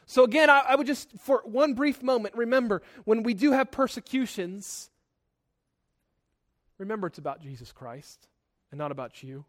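A young man delivers a sermon in a high voice, pressing his points hard. He shifts between loud, driving lines and softer ones. He often repeats a word as he restarts a sentence. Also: lively intonation, normal speed. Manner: emphatic, swings between loud and soft; repeats words when starting sentences. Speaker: pastor.

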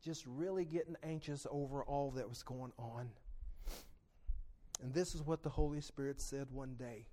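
A man preaching a sermon into a microphone in church, calling on the congregation for amens and swinging between soft, low asides and loud emphatic peaks. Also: normal speed. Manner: call-and-response, asks the congregation for amens. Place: church sanctuary.

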